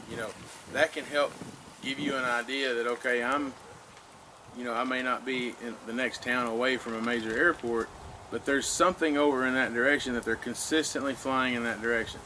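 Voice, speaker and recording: A man with a Southern US accent teaching land navigation to a class, folksy and full of questions to the room. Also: medium pitch. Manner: folksy, asks the room questions, many "you know" and "okay". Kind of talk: informal classroom lecture. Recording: noisy room recording.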